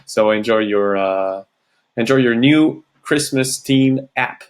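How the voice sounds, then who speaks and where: A man with a French Canadian accent, a native French speaker, walking through a software tutorial in a halting, apologetic way with many fillers. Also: medium pitch. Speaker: tutorial host. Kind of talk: screen-recorded software tutorial.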